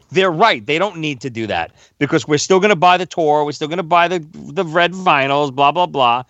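A man's voice: a little high, animated, moderate pace, a bit bright, dry recording. A man co-hosting a podcast, talking in a rambling, hesitant way with restarts. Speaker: podcast co-host. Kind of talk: casual podcast chat. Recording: dull, dry lo-fi sound.

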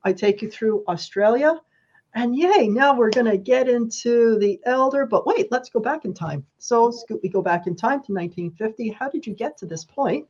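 A woman guest on a casual podcast, telling a story with animated, acted-out quotes. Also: fairly high pitch, normal speed, dull audio.

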